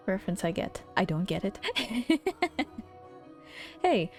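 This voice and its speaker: A woman's voice: mid-range voice, very animated, slow pace, long pauses, darkish tone, faint music behind. A young woman from the Philippines with an American accent, chatting playfully on a live stream, laughing often and swearing casually.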